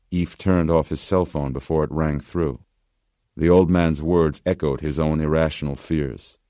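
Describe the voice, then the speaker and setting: A male audiobook narrator with a very deep voice delivers scripted narration in a measured, steady storytelling manner. The recording is studio quality with no room sound.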